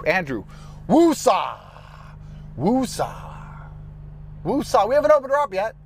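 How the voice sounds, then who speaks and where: A man's voice: high voice, slight background noise. A man ranting bluntly and profanely as he hosts a car review from inside a car while driving. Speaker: host.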